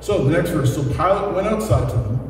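A man's voice: on the high side, lively intonation, fairly quick, darkish tone. A male pastor giving a sermon, reading scripture and then explaining it in a casual, plain-spoken way. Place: large church hall. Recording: echoey hall, distant mic, ambient noise.

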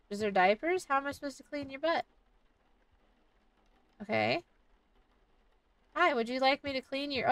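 A woman's voice: sits high, fairly bright tone, no room sound, recorded from a distance. A woman playing a horror game, chatting playfully and commenting as she goes, often talking to the game's baby. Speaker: gaming YouTuber. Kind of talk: casual let's-play commentary.

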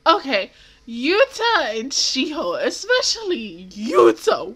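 A young woman giving casual, excitable reaction commentary, swearing freely and laughing often. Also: high voice, slow. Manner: excitable, profane, laughs often, loud exclamations. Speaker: anime reaction video host.

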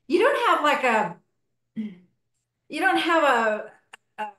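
A hypnotherapy practitioner hosts a podcast chat, telling stories from her sessions with enthusiasm. Her voice sits high and fairly bright, moving through big pitch swings at a slow pace, and the room is echoey.

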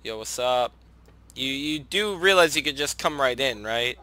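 Slow-talking young man narrating gameplay. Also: mid-range voice, animated, no echo. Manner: chatty, talks to his game characters, gushes at cute moments. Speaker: gaming channel host. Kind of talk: casual let's play commentary. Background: soft background music.

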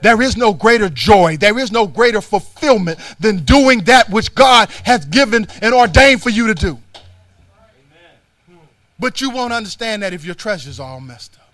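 A man's voice: sits high, animated, moderate pace, a bit bright, no echo. A man preaching a sermon as youth pastor in a church, with a fervent, repetitive cadence and folksy everyday phrasing. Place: church sanctuary.

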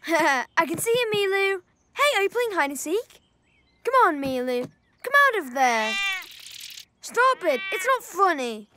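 A woman voicing a cheerful, proud young boy rabbit in a children's cartoon, talking in an excited, bouncy way. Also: extremely high pitch, unhurried, noisy background, exaggerated voice. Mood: coaxing. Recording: children's cartoon with loud music bed.

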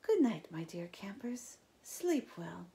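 A woman voicing a sinister, spiteful old male king who talks slowly and slyly, dropping to a croaking, menacing whisper and barking sudden orders. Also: medium pitch, lively intonation, lightly acted. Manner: slow, sly storytelling with sudden loud orders.

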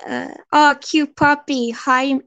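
Slow-talking high-voiced woman. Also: flat delivery, gravelly, fairly bright tone, muffled recording. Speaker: co-host reading the chat. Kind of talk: casual live stream chat.

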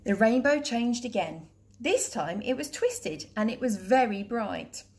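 A woman teacher reading a children's picture book aloud in a clear, steady, gentle voice. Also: on the high side, a little slow.

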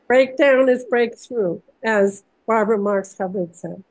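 A woman's voice: a little high, unhurried, poor audio. An older woman speaking heartfelt and gushing, laughing between phrases, on a video call. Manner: warm, gushing, laughs often. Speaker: panel guest.

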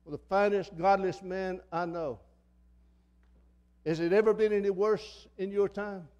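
A man's voice: sits high, steady tone, measured pace, darkish tone, clear, resonant tone, dull audio. An older man preaching a sermon in a church, in a fiery, folksy manner that repeats phrases for emphasis. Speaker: pastor. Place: church sanctuary.

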